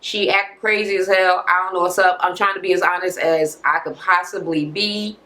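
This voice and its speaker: A woman's voice: lowish voice, steady tone, normal speed, bright, forceful tone, low-quality recording. A woman vlogger recapping a reality TV episode in casual, blunt, profane talk, full of fillers and asides.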